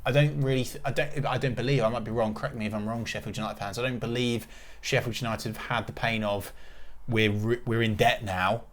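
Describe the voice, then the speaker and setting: A man's voice: medium pitch, steady tone, fairly quick. A man hosting a casual football podcast, talking in emphatic, confident opinions with frequent restarts. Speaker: podcast host.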